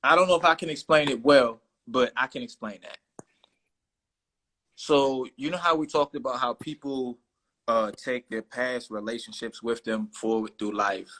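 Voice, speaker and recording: A man's voice: mid-range voice, moderate pace, pushed and bright, poor audio. A man in his thirties, a guest in a casual interview, speaking candidly and thoughtfully about himself. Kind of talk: casual conversation.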